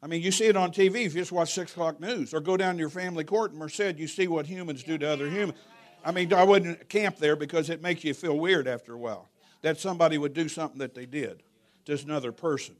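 High-voiced folksy pastor preaching. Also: male voice, fast talker. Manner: folksy, humorous, animated storytelling. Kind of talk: sermon with storytelling.

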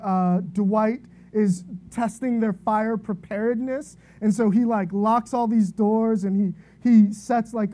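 A woman preaching a sermon in a relaxed, conversational way, telling an illustrative story and often checking in with "right?". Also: medium pitch.

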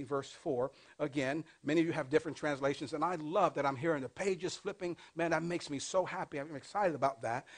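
A male pastor preaching a sermon, drawing responses from the congregation, reading scripture slowly and loudly, then dropping to soft asides. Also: a little high. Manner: call-and-response preaching, asks congregation to repeat phrases; swings between loud emphatic bursts and soft asides. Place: church before a congregation.

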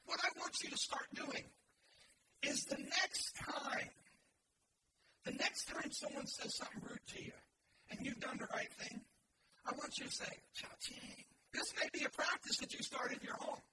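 A man preaching a sermon to a congregation in a church, leading call-and-response and building to shouted emphasis. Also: normal speed. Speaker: pastor. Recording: echoey, distant and noisy room recording.

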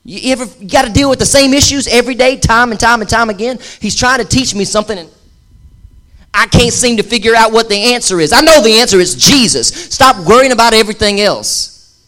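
High-voiced preaching man. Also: a little fast. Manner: lively preaching, jokes and quoted asides, varies pace. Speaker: pastor. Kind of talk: sermon.

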